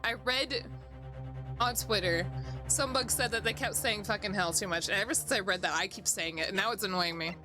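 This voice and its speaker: A woman streaming a video game, reading the dialogue aloud and reacting excitably, swearing often and laughing a lot. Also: medium pitch, brisk. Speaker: VTuber streamer. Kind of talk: gaming livestream commentary. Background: background music.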